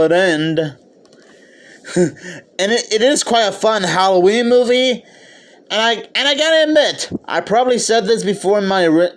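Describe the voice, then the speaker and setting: A man giving an eager, casual video review of a film, often stopping to restart or correct himself. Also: high-pitched. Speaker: movie reviewer.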